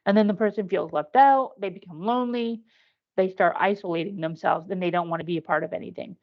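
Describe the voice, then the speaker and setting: A woman's voice: on the low side, fast. Woman giving earnest advice over muffled call audio. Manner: earnest, direct advice with acted-out examples. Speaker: workshop presenter. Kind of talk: instructive online presentation. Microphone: video call. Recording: dull lo-fi video-call audio.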